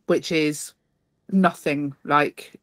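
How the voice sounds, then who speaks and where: A woman's voice: low voice, steady tone, drawn-out words, no echo. A woman co-hosting a podcast in casual chat, chatty and laughing often, sometimes trailing off mid-sentence. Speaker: podcast co-host.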